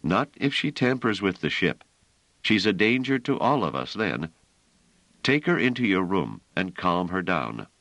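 A man's voice: low-pitched, sing-song, a little slow, a bit bright, no room sound, pitched above the performer's own voice, exaggerated voice. A narrator playing a snappish male pilot. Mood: irritable. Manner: curt, irritable. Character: tense, short-tempered adult male pilot.

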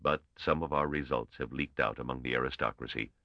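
A man doing a brisk, shrewd old mathematician. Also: rumbling low, creaky, pushed and bright, dry recording, muffled recording, exaggerated voice. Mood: matter-of-fact. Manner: clipped, testing, commanding.

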